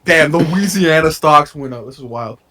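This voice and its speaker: A man's voice: fairly high pitch, normal speed. A young American man co-hosting a podcast, rambling and swearing in casual chat from his bedroom. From United States. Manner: excitable, rambling, swears a lot. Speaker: podcast co-host.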